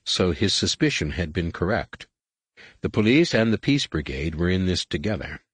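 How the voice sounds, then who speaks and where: A man narrating an audiobook in an expressive, varied way, recorded close and dry. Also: deep voice, normal speed, husky, no room sound. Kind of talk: scripted narration.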